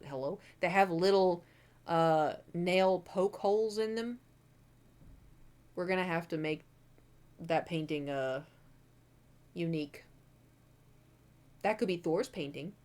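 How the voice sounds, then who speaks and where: A woman's voice: lowish voice, takes it slowly, long pauses, a little mellow. A young adult woman streaming from her room at home, chatting candidly and rambling with lots of fillers and the odd swear word. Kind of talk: casual chat.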